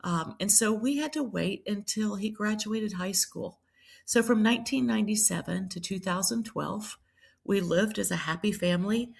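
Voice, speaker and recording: A woman's voice: mid-range voice, moderate pace, gravelly, slightly rough. A middle-aged woman from South Carolina, a priest and nurse telling her life story in a podcast interview, reflective and full of ums and restarts. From Charleston, South Carolina.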